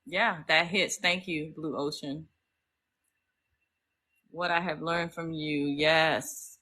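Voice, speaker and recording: A woman's voice: deep voice, steady tone, slow, pushed and bright, poor audio. A middle-aged woman, hosting a casual livestream and talking emotionally to her viewers. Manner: emotional, talks straight to viewers as y'all. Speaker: livestream host.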